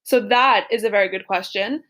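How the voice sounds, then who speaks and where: A woman's voice: mid-range voice, a little fast, fairly bright tone. A young woman co-hosting a podcast, telling a personal story in a chatty, giggly way full of "like" and "super". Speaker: podcast co-host.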